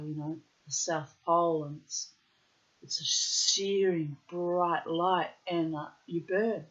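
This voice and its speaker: A woman from New Zealand, speaking with its accent, tells a long personal story to her viewers. She is blunt and swears freely. Her voice is bright and forceful, and the home recording sounds dull and lo-fi. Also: low voice. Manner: blunt, profane, talks to the viewer. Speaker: vlogger.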